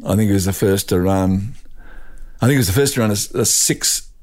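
An older man with an Australian accent, a guest telling a rambling, animated anecdote full of restarts. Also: on the low side, fairly quick. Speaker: guest, retired drag racing champion. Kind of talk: storytelling anecdote.

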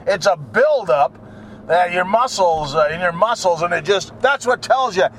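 A man's voice: high-pitched, animated, moderate pace, fairly bright tone, slight background noise. A man rambling in a monologue, ranting and swearing, mocking people by putting on their voices. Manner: ranting, profane, mocks people in put-on voices.

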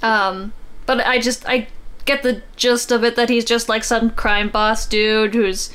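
A woman's voice: on the high side, flat delivery, a little slow, fairly bright tone, smooth. A woman guest on a casual comics podcast, chatty and rambling with lots of fillers. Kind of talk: casual chat about comics.

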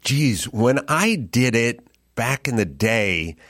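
A man in casual podcast chat, drawing out his phrases as he rambles through a story. The sound is close and dry, and his pitch sits in the middle range. He slips into quoted back-and-forth lines. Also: sing-song, slow pace, fairly bright tone, no room sound. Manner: acts out dialogue in quotes. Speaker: podcast host.

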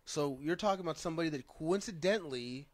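A man's voice: a little high, fast talker, no room sound. Laughing man stammering in casual chat. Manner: laughs often, stammers and repeats words. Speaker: podcast co-host.

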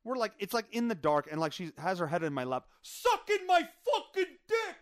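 A man's voice: fairly high pitch, quick pace, dry recording, clean studio sound. Profane rambling man telling a story. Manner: rambling, profane, animated retelling. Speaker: podcast host. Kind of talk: casual storytelling monologue.

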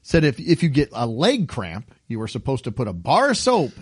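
Host type, male, animated storyteller doing quick voices, dry mic. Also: medium pitch, husky, dry recording. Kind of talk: casual chat.

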